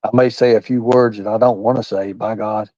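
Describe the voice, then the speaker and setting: A man holds forth on his own livestream, blunt and profane, leaning on folksy phrases and preaching between the curses. His voice is dark and mellow. The sound is dry and a bit dull, like a lo-fi home stream. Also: on the low side, fairly even intonation, a little fast, dry recording. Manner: folksy Southern-style phrasing with "by God" and "ain't". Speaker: livestream host. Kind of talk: heated livestream rant.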